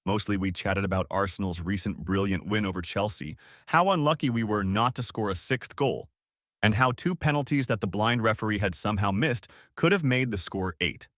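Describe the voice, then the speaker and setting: A man narrating a first-person audiobook story in a dramatic, animated manner. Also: on the low side, moderate pace, no room sound, clean studio sound.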